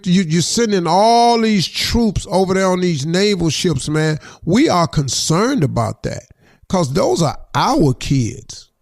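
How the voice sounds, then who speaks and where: A man's voice: sits high, vocal fry, no echo, studio quality. A middle-aged man, a radio host on an impassioned rant, preachy and heated, often repeating himself and saying "man".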